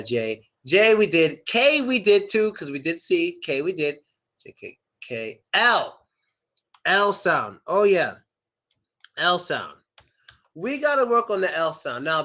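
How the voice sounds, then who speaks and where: A young man teaching pronunciation in a loose, chatty way, stretching out sample words to show how they sound. His voice sits a little high and swings up and down a lot as he demonstrates. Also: sharp tone. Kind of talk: casual online lesson.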